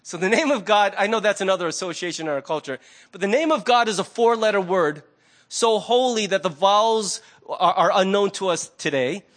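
Pastor guy with a high voice, chatty and animated, preaching. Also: brisk. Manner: conversational, animated storytelling. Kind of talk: sermon.

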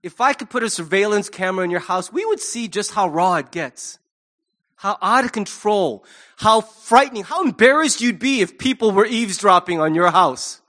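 High-voiced male pastor preaching casually. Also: lively intonation, moderate pace, bright, forceful tone. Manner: conversational and humorous, with acted asides. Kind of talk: sermon. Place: church.

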